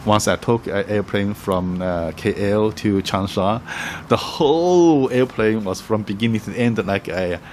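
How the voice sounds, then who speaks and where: A man giving travel tips in a casual, halting way, with many fillers, restarts and frequent chuckles. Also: lowish voice, a little mellow, a little hiss or hum. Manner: chuckles often, acts out little quoted voices. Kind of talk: casual explaining to camera.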